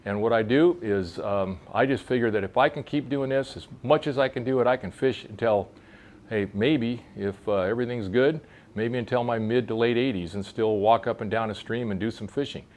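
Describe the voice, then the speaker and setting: A man's voice: medium pitch, moderate pace, darkish tone. A man in his sixties, close to seventy, demonstrating fitness exercises for fly fishers, plain-spoken and coaching as he moves. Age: 60s. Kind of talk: casual instructional demo. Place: outdoor covered veranda in a park.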